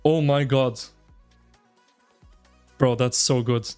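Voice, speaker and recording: A man streaming live, chatting with his viewers in an excitable, slangy, ranting way. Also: mid-range voice, slow, smooth, faint music behind. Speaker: game streamer. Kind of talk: casual live-stream commentary.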